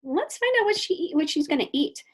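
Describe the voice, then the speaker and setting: A woman teaching kindergarten, reading a picture book aloud with an animated, questioning storybook voice and stopping to explain things to the children. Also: high voice, a little fast.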